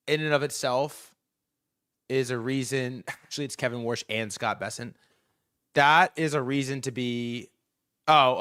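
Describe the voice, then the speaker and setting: A young man hosting a casual livestream about markets, talking in an excitable, profane and rambling way with lots of fillers. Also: mid-range voice. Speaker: livestream host.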